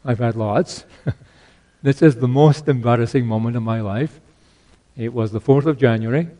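An older man preaching a sermon, earnest, repeating key phrases and swinging between loud exhortation and hushed asides. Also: mid-range voice, moderate pace.

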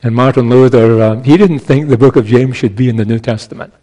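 A man preaching an expository sermon in a measured, emphatic way, with small restarts. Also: medium pitch, dark tone, low-quality recording.

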